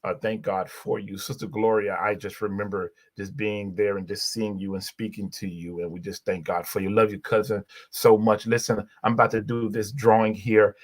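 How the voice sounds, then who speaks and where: A man's voice: lowish voice, little pitch movement, normal speed, few pauses. A man hosting a live stream, giving a heartfelt inspirational talk with a preacher-like repetitive cadence and open emotion, speaking into a phone. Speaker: livestream host.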